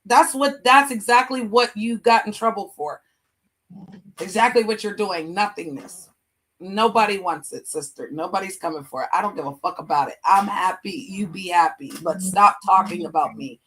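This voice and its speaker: A woman's voice: medium pitch, normal speed, a bit bright, a little hiss or hum. A woman hosting a livestream, venting angrily about an ex in heated, profane casual chat. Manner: angry, profane venting rant. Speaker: livestream host.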